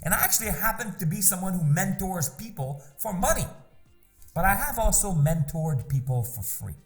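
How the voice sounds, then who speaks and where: A man's voice: high voice, sing-song, moderate pace, faint music behind. Emphatic man giving motivational talk. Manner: emphatic, repeats rhetorical questions. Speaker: business mentor.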